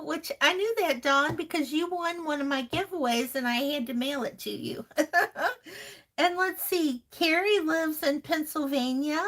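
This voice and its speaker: A woman hosts a crafting live stream in a high-pitched, fairly bright voice, reading viewer comments in casual chat. She laughs often and fondly calls viewers honey and sweetheart.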